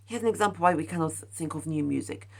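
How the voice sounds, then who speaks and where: A young woman vlogger with a low-pitched, creaky voice talks quickly as she muses aloud about her personal philosophy. Her casual monologue rambles, full of fillers, restarts and calls of "guys."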